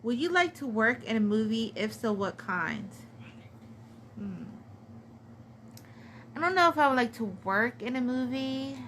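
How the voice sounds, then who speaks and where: A woman's voice: on the high side, animated, a little slow, pauses often, a bit bright, a little hiss or hum. Giggly chatty woman in her thirties. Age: 30s. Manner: giggly, rambling, says "like" often. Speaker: craft vlogger answering tag questions. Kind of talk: casual chat to camera.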